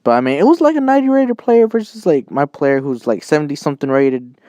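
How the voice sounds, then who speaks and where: A man's voice: fairly high pitch, expressive, quick pace, dark tone, no echo. A young man telling a self-mocking story in a casual vlog over gameplay, cheerful and joking, who cries out when he quotes himself. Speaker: channel host.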